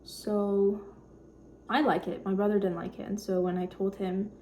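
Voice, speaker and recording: A young woman in her twenties chatting quietly and shyly while cooking in her home kitchen, rambling with lots of fillers. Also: mid-range voice, level tone, normal speed, a little hiss or hum. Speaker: vlogger. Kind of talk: casual cooking vlog chat.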